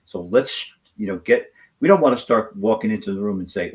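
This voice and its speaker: A man's voice: fairly low pitch, lively intonation, a little fast, low-quality recording. A man talking as a guest on a political talk show, passionate and rambling as he makes his case. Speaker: conservative activist and guest.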